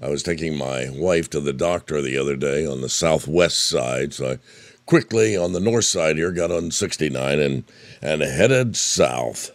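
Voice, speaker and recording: An older man from Indiana, a radio preacher, gives a folksy devotional talk and tells stories as he goes. His bass voice is expressive and unhurried, recorded without echo, but it is wearing out as he loses his voice.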